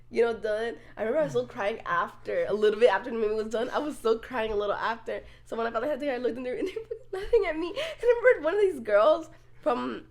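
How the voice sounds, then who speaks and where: With a high-pitched voice, a young female podcast co-host shares a story over casual conversation. Lively throughout, she laughs a lot and doesn't hold back on swearing.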